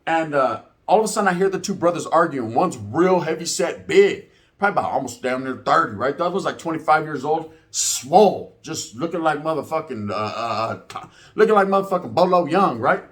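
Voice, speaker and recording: A man's voice: fairly high pitch, animated, brisk, a bit bright. A man in his forties telling a story and giving his opinion in casual, profane street talk, often tagging his lines with "right?". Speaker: reaction video host.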